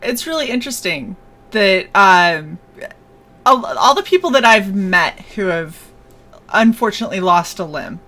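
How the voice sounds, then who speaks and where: A woman hosting a casual chat, telling stories in an animated way and acting out what people said. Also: mid-range voice, measured pace. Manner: animated storyteller, acts out quotes. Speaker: host.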